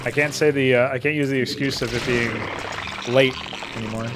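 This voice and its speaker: A man's voice: medium pitch, fairly even intonation, fairly quick, heavy background noise. A young man casually commenting on his own game campaign, self-mocking, swearing a lot and laughing often.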